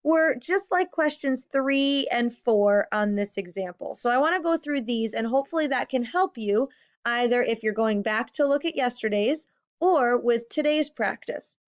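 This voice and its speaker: Young woman teacher, patient math lesson for kids, leans on key words, kinda muffled lo-fi sound. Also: a little high. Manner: patient, stresses key words, counts slowly. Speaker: fifth grade teacher. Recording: slightly dull lo-fi audio.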